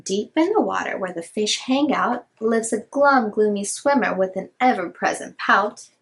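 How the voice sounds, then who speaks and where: A woman's voice: medium pitch, animated, normal speed, a little hiss or hum. A woman reading picture books aloud to young children in a sing-song, rhyming way, chatting a little between books. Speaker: children's storyteller.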